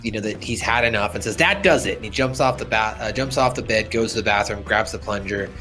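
A man co-hosting a casual podcast, retelling cartoon scenes and jumping into high put-on character voices. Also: fairly even intonation, fast, bright, forceful tone, soft background music. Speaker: podcast co-host.

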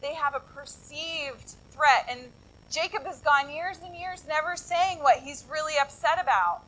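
A woman pastor delivers a sermon in a high, bright voice. She retells scripture in a lively, conversational way and turns to her congregation with casual asides. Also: measured pace, poor audio. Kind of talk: sermon with Bible storytelling.

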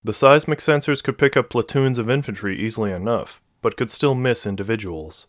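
A man narrating a science-fiction novel in a steady, measured reading. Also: mid-range voice, dry recording. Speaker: audiobook narrator. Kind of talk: scripted narration.

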